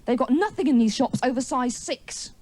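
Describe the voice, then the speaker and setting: Wry, lively-voiced woman doing stand-up. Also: high voice, moderate pace, no room sound. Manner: chatty, wry self-mocking storytelling; teasing crowd work. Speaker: stand-up comedian. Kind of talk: stand-up routine. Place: TV studio before a live audience.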